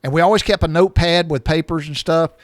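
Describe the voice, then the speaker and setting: A man's voice: on the high side, steady tone, fast talker, dry recording, studio quality. A man in his sixties telling a personal story in a folksy, rambling way, often repeating himself.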